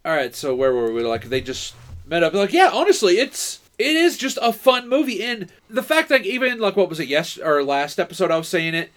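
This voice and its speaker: Man, podcast co-host, high voice, lively swings in pitch, rambling, swears freely. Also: brisk. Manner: animated, swearing, rambling with restarts. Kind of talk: casual movie discussion.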